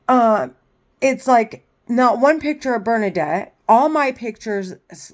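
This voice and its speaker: A woman vlogging in a rambling, agitated monologue full of profanity and restarts. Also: medium pitch.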